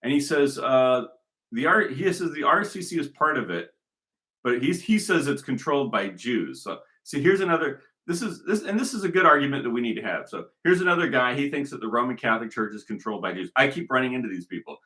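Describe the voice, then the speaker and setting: A man holds forth in a rambling monologue, often circling back and repeating himself. His voice is bright and forceful. His pitch swings widely as he argues his point. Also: expressive, fairly quick. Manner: emphatic, repetitive, argumentative. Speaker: commentator.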